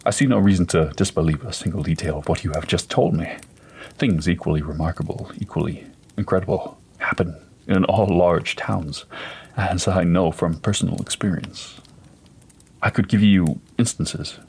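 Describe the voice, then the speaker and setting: A man voicing a gentle, persuasive middle-aged male doctor in a read-aloud story, speaking in a calm, measured, coaxing way. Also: sits low, gravelly, slightly rough, full character voice.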